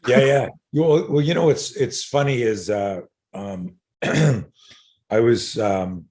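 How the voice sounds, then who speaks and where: A middle-aged man, a self-defense coach, telling stories as a podcast guest in an animated way, swearing casually and full of fillers. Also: medium pitch, slow.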